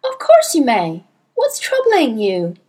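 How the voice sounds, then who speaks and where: A woman reading a storybook aloud, voicing a gentle, kindly young teacher who speaks calmly and patiently. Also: high voice, takes it slowly, slightly rough, voice pushed up, full character voice.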